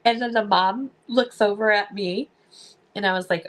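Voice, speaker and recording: Speaking at a normal speed in a mid-range voice, a woman hosts a live stream and shares stories conversationally. She's animated, laughing frequently while acting out others' words.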